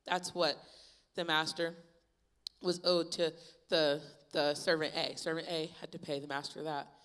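A young woman preaching a youth sermon, retelling Bible stories in a lively, casual storytelling way. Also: deep voice, a little slow. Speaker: youth pastor. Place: church youth service.

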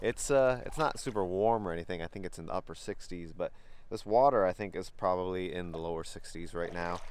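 A man's voice: low-pitched, fairly quick, a little mellow, a little hiss or hum. A man, vlogging outdoors as he wades a creek, talking casually to a handheld camera, easily delighted and laughing often. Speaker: vlogger bottle hunting in a creek.

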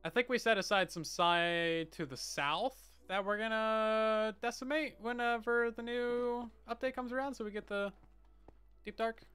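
A man's voice: sits high, a little slow, sharp tone, clear, resonant tone, soft background music. A man chatting casually as a game streamer, muttering to himself, humming while he builds and thanking viewers from the chat, on a headset mic. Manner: mutters to himself, hums and reads out chat names.

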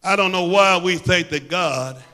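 A man with a Midwestern American accent preaches with fervor, his high, sharply bright voice ringing through a church sanctuary with long reverb. He swings from quiet, intimate asides to full-throated shouting. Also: a little slow. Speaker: pastor. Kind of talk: sermon.

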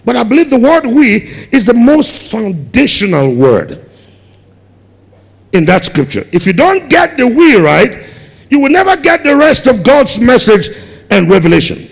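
A Ghanaian man preaching a sermon as pastor, building up to shouted emphasis on key words. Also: very high-pitched, sing-song, unhurried, vocal fry, slightly rough. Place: large church hall. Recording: long hall reverb.

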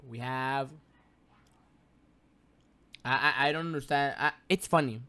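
A man streaming a horror game live, excitable and swearing, swinging between loud outbursts and low muttering, a native Spanish speaker. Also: measured pace, smooth. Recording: music playing loudly behind.

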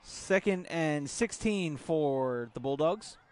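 Guy doing play-by-play for a youth football game, kinda high voice, talks slow and easy with lots of uhs. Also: a faint crowd. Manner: relaxed play-by-play with filler words. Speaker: play-by-play commentator. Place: outdoors at a football field.

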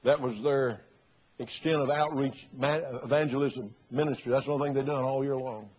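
A man's voice: medium pitch, steady tone, moderate pace, husky. A male pastor preaching a sermon, telling stories and acting out the people he quotes. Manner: storytelling preacher, acting out quoted voices loudly. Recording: dull lo-fi sermon recording.

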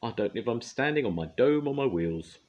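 A man's voice: mid-range voice, animated, a little fast, lo-fi sound, voice pushed up, lightly acted. A man voicing a small, sad, put-upon tank engine in a storybook reading, speaking plaintively.

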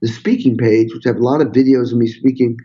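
An older man, a guest on a podcast interview, telling stories in an animated, swearing way and acting out what people said. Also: medium pitch, quick pace, lo-fi sound. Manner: animated, swearing, acts out quotes. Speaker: guest drummer. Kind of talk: storytelling interview.

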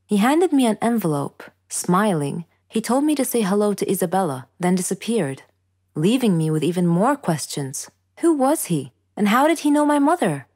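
A woman telling a first-person story as scripted narration, calm and measured. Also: fairly low pitch.

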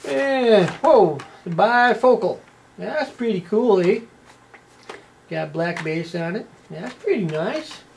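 A man's voice: high-pitched, lively intonation, slow, gravelly, darkish tone, slight background noise. A man with a Canadian accent giving casual, rambling unboxing commentary, tagging his lines with "eh" and plenty of "uh". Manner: folksy, rambling, tags lines with "eh". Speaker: toy unboxing presenter.

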